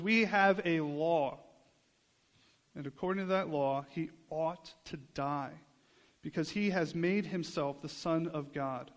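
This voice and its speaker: A man preaching a sermon in an earnest, conversational way, often checking in with his listeners. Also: fairly high pitch. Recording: long hall reverb.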